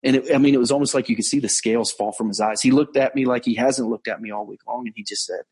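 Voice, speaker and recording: A man, a pastor, telling a story in a conversational sermon, earnest, slowing down to stress key points. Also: medium pitch, steady tone, a little mellow, slightly rough. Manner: earnest storytelling, frequent restarts and slowed emphasis. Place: on location abroad.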